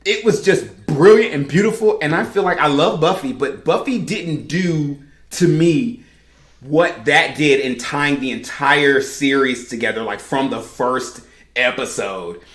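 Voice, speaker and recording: A woman on a podcast panel, telling her story in an animated, emphatic way in casual chat. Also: low-pitched, a little slow, reverberant. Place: podcast studio room.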